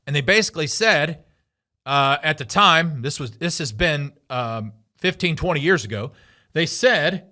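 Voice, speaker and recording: A man's voice: a little high, expressive, unhurried, bright, forceful tone. A middle-aged man hosting a podcast, giving an emphatic motivational monologue with lots of repetition. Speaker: podcast host.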